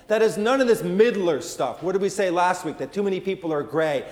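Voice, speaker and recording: A man's voice: high-pitched, lively intonation, fairly quick, few pauses, darkish tone, big-room sound. A man preaching a sermon in a folksy, conversational storytelling way, with many fillers and restarts. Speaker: pastor.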